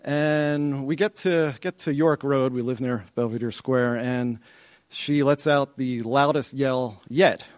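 A middle-aged man telling a personal story to an audience, animated and excited, often repeating himself as he goes. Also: mid-range voice, takes it slowly, dry recording. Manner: animated, excited retelling with self-interruptions and repeats.

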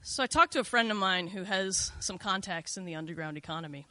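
A middle-aged woman recounts a personal story with a bright, forceful edge to her voice. She talks casually and confessionally, scattering "like" and "you know" through her sentences. The recording is close and dry, with no room sound. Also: on the low side, fairly quick, no echo. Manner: conversational, frequent "like" and "you know", candid and confessional.

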